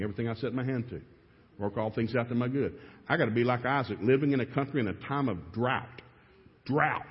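A middle-aged man preaching a sermon, telling lively stories and acting out his own outbursts. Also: mid-range voice. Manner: animated storytelling with shouted re-enactments. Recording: echoey hall, dull lo-fi sound.

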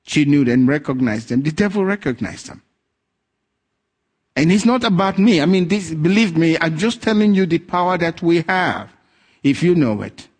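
Animated male preacher, slightly high voice. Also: normal speed. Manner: animated storytelling, acting out quoted voices. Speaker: pastor. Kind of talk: sermon.

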